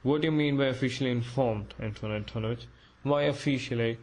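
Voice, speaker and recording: A man's voice: mid-range voice, quick pace, lightly acted, poor audio. A man voicing a timid, anxious middle-aged clerk who pleads in a flustered way. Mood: timid pleading.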